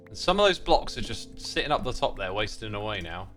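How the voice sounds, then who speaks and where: A man's voice: fairly low pitch, sing-song, brisk, sharp tone, faint music behind. A man streaming a game, chatting casually, reading viewer messages aloud and thanking supporters. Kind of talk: casual livestream chat while playing.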